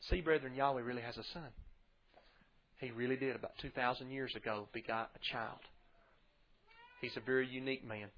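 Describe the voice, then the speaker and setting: A man preaching a sermon, reading scripture aloud with earnest emphasis and swelling loudly on key passages. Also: mid-range voice, muffled recording. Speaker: pastor.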